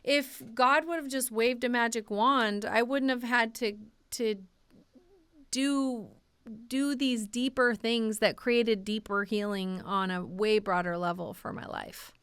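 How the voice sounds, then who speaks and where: A woman's voice: fairly high pitch, steady tone, slow pace, a bit bright, clear, resonant tone, dry recording. A woman guest on a podcast, speaking earnestly and heartfelt about faith and healing, often repeating words for emphasis. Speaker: podcast guest, author and ministry leader. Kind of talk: earnest faith-based conversation.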